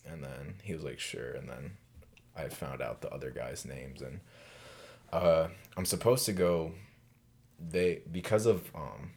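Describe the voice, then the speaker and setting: A man's voice: very deep voice, unhurried, darkish tone, slightly rough. A man in his twenties casually telling a profane dorm story as a resident advisor, laughing often as he goes. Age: 20s.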